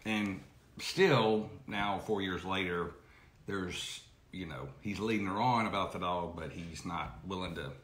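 Guy cohost, kinda sheepish and hesitant, lowish voice, echoey room. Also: measured pace, fairly bright tone. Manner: hesitant, sheepish, filler-heavy. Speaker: co-host reading listener messages. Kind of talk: casual live chat. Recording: echoey room with faint noise.

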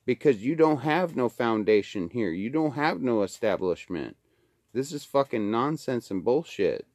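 Middle-aged guy from alaska cussing up a storm by the wood stove, ordinary pitch, dead dry sound. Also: very animated, normal speed, no echo. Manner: profane, swearing constantly, grows into loud angry ranting. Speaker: vlogger. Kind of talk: casual ranting monologue. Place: home kitchen by a wood stove, indoors.

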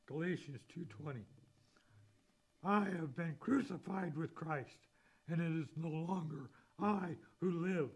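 An unhurried male preacher with a gravelly, creaky voice pitched a little high. He delivers a sermon in a measured way, reading scripture and hymn verses word by word. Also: a little mellow, rough recording. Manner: slow, deliberate reading of scripture and hymn lyrics.

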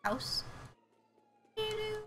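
A woman streaming a video game, chatting casually, loud and excitable, swearing and laughing often. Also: very high voice, extremely slow, music in the background. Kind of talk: casual gaming stream chat. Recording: faint background noise.

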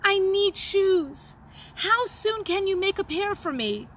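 Woman reading as a desperate village man, high tearful begging voice, storybook, faint background hiss. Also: expressive, slow, exaggerated voice. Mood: urgent.

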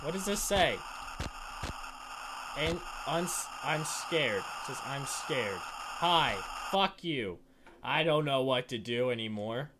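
A young man giving horror game commentary, jumpy and swearing a lot, shouting when startled. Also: mid-range voice, expressive, takes it slowly, background noise. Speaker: gaming channel host.

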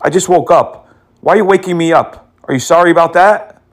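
A man's voice: fairly high pitch, fairly quick. A man prank-calling phone scammers, teasing and mocking them and dropping in Hindi words and insults. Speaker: scam-baiting prank caller.

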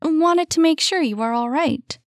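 Woman voicing an excited, dreamy young woman. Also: measured pace, no echo, clean studio sound. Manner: high, excited, breathless. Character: eager young woman, dreamy and easily enchanted. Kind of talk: audiobook character reading.

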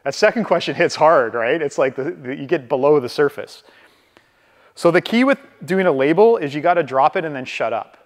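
A man's voice: a little high, a little fast. A man teaching real estate negotiation in a casual way, acting out bits of dialogue and often checking in with "right?". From Canada. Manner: lively, acts out dialogue, keeps checking with "right?". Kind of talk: casual training talk to a room. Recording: reverberant hall from a distance.

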